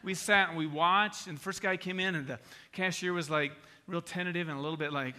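A male pastor preaching a sermon, telling a story with animated energy and then dropping to a hushed, earnest appeal. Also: a little high, fast talker, hardly any pauses.

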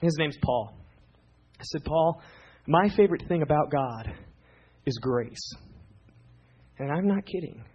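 A man preaching a sermon, telling a personal story in an animated, emphatic way. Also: a little high, a little slow, pauses often, slight background noise. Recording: dull lo-fi recording.

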